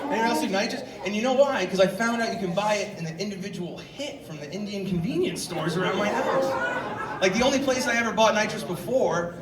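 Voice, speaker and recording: A man performing a stand-up comedy set, telling rambling stories in a deadpan way with sudden loud outbursts. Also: high-pitched, brisk, far from the mic. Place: comedy club stage. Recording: echoey club from afar, loud crowd laughter and noise.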